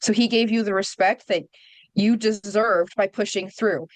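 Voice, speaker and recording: A woman's voice: medium pitch, fairly even intonation, normal speed, no room sound, rough recording. A woman speaking as a podcast guest, giving her opinions in a blunt, emphatic and profane way. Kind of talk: casual conversational opinion talk.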